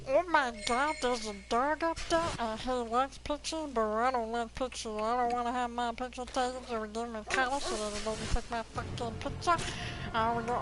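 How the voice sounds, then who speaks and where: A woman hosting a let's play, reading game text aloud and swearing excitedly at the game. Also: fairly high pitch, normal speed, music in the background. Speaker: gaming video host.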